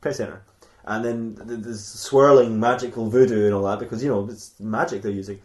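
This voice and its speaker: A man's voice: fairly low pitch, fairly even intonation, fairly quick, reverberant. A man hosting a comedy podcast, rambling through an improvised story with crude jokes. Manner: rambling, laughing, playfully crude. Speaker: podcast host.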